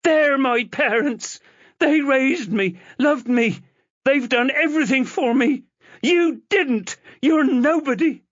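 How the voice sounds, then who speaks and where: Male narrator doing a shrill, hysterical teen girl yelling, muffled lo-fi audiobook sound. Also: measured pace, hardly any pauses, no echo. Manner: shrill, hysterical shouting and sobbing. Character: furious screaming teenage girl.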